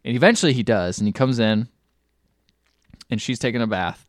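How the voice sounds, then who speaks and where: A man's voice: medium pitch, animated, brisk, no room sound, clean studio sound. A man co-hosting a podcast, retelling a film scene by scene in a rambling, casual way full of filler words. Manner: rambling, filler-heavy retelling with many likes. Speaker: podcast co-host. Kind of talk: casual movie recap chat.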